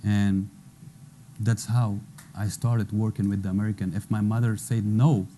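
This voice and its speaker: Speaking broken English with an Afghan accent, a man in his thirties who once worked as an interpreter offers earnest personal testimony on a panel. His voice is low-ish and warm with little pitch movement, unhurried, over slight background noise.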